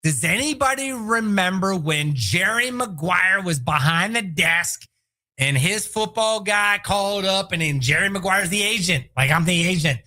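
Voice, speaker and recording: High-pitched, bright-voiced salesy American man. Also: moderate pace. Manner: energetic, salesy, breaks into shouted impressions. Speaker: podcast host, real estate agent. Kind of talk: solo talk show.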